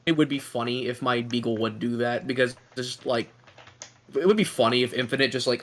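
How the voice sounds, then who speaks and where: A man's voice: medium pitch, fairly quick, a bit bright. Young man, podcast host, casual chat, joking and rambling, call mic. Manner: joking, rambling, self-deprecating.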